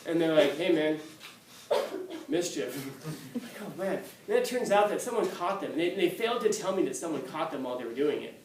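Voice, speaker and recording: A man's voice: sits high, fast, slight background noise. A man teaching a class, telling stories with acted-out quotes and frequent laughter. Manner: animated storytelling, acts out quotes, laughs often. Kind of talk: classroom lecture with anecdotes. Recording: echoey classroom from a distance.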